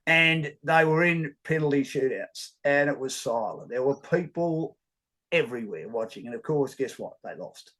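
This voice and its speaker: A man's voice: medium pitch, moderate pace. A middle-aged Australian man, a sports broadcaster, telling stories in an interview with plenty of casual fillers. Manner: animated storyteller, casual filler words. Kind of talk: storytelling interview.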